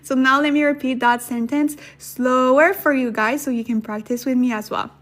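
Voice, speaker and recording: A woman's voice: high-pitched, steady tone, a bit bright. A woman teaching a beginner language lesson on a livestream, chatting with viewers and thanking them as she goes. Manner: chatty, thanks viewers, reads sentences slowly then fast.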